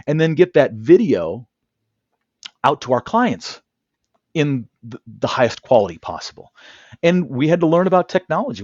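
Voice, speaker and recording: A man's voice: mid-range voice, dry recording, muffled recording. A man, a negotiation trainer, telling stories in an interview over a video call and acting out quoted dialogue. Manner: animated, acts out quoted dialogue. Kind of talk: interview storytelling. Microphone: video call camera.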